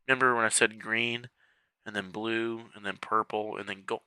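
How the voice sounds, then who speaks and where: A man's voice: lowish voice, steady tone, moderate pace, bright, forceful tone, smooth, dry recording. A man giving casual, chatty commentary over a strategy game, muttering to himself as he clicks through menus, with the hiccups. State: has the hiccups. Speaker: game walkthrough creator.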